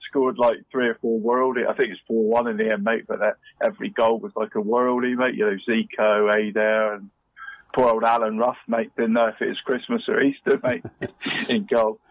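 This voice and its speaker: A man's voice: fairly low pitch, level tone, normal speed, dry recording. Chatty man saying "mate". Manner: chatty, says "mate" constantly. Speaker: podcast co-host. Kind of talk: casual chat. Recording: dull dry podcast audio.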